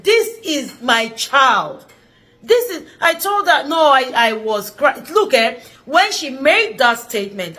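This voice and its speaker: A high-pitched middle-aged woman tells a personal story in a vlog. Her voice is bright and forward, and her delivery is earnest and emphatic. She often repeats a phrase to press her point home. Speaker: vlogger.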